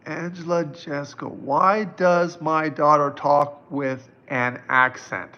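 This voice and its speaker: On a lo-fi live stream, a psychic in his fifties speaks slowly in a fairly high, bright, forceful voice with fairly even intonation. He responds to viewers' questions in a relaxed, comforting way, chatting with lots of fillers.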